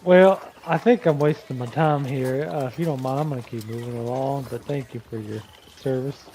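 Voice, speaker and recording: A man's voice: mid-range voice, normal speed, mellow, slight background noise. A man taking part as a player in a tabletop role-playing game, answering casually and partly in character.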